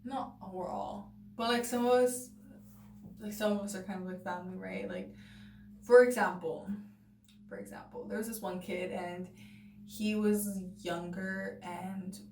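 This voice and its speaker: Speaking at a measured pace in a darkish, medium-pitched voice with fairly even intonation, this young woman vlogger chats to camera about something that happened to her. She fills her talk with "like" and "you know" and acts out people's quotes. It was recorded in an echoey room on a distant mic with faint background noise.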